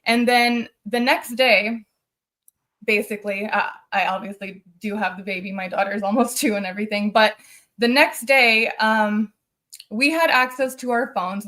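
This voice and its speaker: A woman speaks as a live-stream guest, her voice sitting a little higher than most. She recounts her own experiences earnestly and with feeling, circling back over the details as she goes. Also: a bit bright. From United States. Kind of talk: personal storytelling on a live stream.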